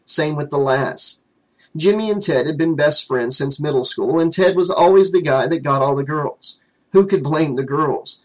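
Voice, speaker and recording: A man's voice: fairly high pitch, poor audio. A man narrating a fan novel as an audiobook, reading steadily.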